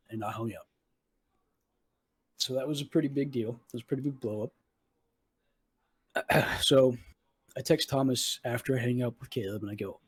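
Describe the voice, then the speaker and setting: A husky-voiced man in his twenties hosts a podcast, telling a long story in a loose, casual way. He swears often and acts out what each person said in the argument. His voice sits at an ordinary pitch and sounds dry and close to the mic. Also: fairly even intonation, a little fast, pauses often, dry recording. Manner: profane, retells arguments with quoted dialogue. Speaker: podcast host.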